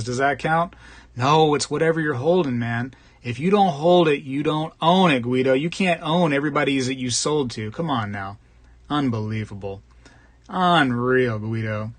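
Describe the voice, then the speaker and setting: A man's voice: mid-range voice, a bit bright, no echo. A man hosting a casual live stream, rambling, chuckling and reading viewer comments aloud. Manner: rambling, chuckling, reads chat messages aloud. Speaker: livestream host.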